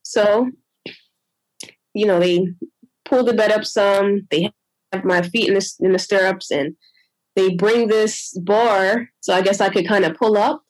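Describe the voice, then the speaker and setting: A woman telling a personal story in casual conversation, animated and acting out what others said. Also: mid-range voice, unhurried, pauses often, no echo, rough recording. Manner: animated, re-enacts others with lively quoted voices. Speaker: guest sharing a personal story.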